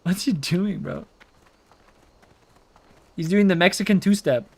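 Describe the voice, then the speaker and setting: A young gamer streams live, chatting playfully and rambling, reacting to viewers and meowing here and there. His voice is high-pitched, a little slow, creaky, and edged with breath.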